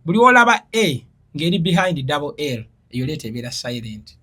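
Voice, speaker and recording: A man's voice: fairly high pitch, brisk, breathy edge. A man from Uganda, an interview guest telling stories and explaining words like a teacher, laughing now and then. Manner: animated storyteller, laughs while explaining. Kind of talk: casual interview chat.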